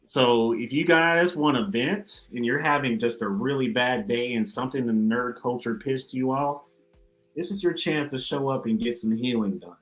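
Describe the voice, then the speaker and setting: A man's voice: medium pitch, normal speed, a bit bright, faint music behind, rough recording. A man co-hosting a podcast in casual, teasing chat, laughing often. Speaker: podcast co-host. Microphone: streaming call mic.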